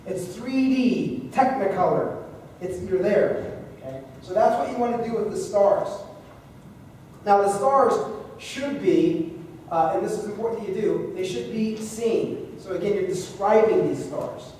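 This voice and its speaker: A man with a high voice teaches a seminar in a lively, joking, conversational way. His voice rings through a large hall with a long reverb and reaches the mic from far off. Faint room noise sits underneath. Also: a little slow. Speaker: speaking coach at a live seminar. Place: large hall with a live audience.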